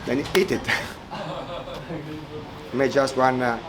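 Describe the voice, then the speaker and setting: A man giving a spiritual talk at a retreat, telling a folk story slowly and haltingly, searching for words and chuckling as he goes. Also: medium pitch, a crowd in the background, poor audio. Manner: halting, searching for words, many fillers and repeats. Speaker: spiritual teacher speaking at a retreat.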